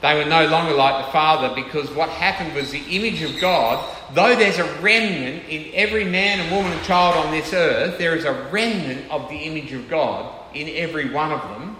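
Bright-voiced male preacher in an echoey hall. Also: on the high side, normal speed, few pauses, slight background noise. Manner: conversational, checks in with the audience often. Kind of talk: sermon. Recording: echoey hall with faint ambience.

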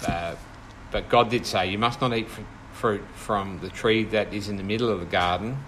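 A man with a fairly low voice leads a small group through a Bible study. He talks in a thoughtful, halting way, full of fillers and restarts, and a soft hiss sits under the recording. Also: rough recording. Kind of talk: informal Bible study teaching.

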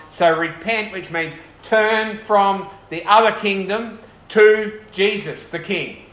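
A man's voice: high voice, a bit bright, reverberant. A man preaching a sermon as pastor, earnest and conversational, often asking the congregation questions.

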